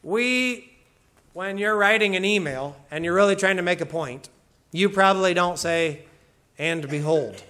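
A man delivers a sermon in a high, bright voice. He explains each point with emphasis and slips into casual asides. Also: moderate pace. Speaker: pastor.

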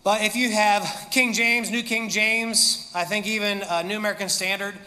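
A man's voice: high voice, fairly even intonation, moderate pace, pushed and bright. A male pastor preaching a sermon, explaining in detail with dry humorous asides, in a large church hall.

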